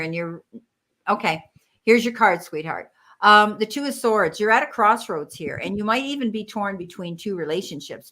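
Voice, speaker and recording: An American woman hosting a live-stream tarot reading, reassuring and affectionate, calling listeners sweetheart and honey. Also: medium pitch. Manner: warm, reassuring, calls viewers sweetheart and honey. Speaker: tarot reader and medium, live stream host.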